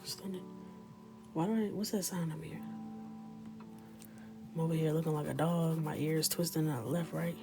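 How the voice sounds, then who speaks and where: Low-voiced woman in whispered coloring chat. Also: steady tone, moderate pace, gravelly, pauses often, over music. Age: 30s. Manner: mostly whispered, joking, bursts into loud shouts. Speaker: coloring livestreamer. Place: small closet with a ring light.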